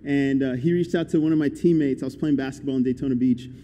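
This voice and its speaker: A man's voice: medium pitch, steady tone, fast, mellow. A young man giving a guest sermon in a conversational, upbeat and encouraging way. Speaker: guest preacher. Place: church hall. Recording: echoey church hall.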